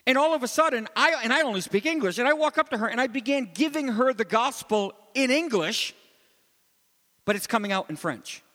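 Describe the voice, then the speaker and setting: A male preacher giving an expository sermon, teaching animatedly and swinging between loud emphasis and low asides. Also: animated, fairly quick. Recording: long hall reverb.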